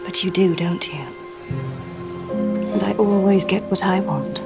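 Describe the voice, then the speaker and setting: A woman's voice: medium pitch, measured pace, gravelly, loud music behind the voice. An actress playing a rich, headstrong young woman who talks boldly and expects to get her way, in a period film drama. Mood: imperious. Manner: bold and commanding. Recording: loud film score behind.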